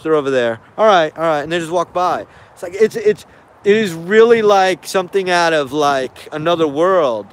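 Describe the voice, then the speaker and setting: A man giving casual spoken commentary on video footage, hesitant and puzzled, often repeating himself. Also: on the high side.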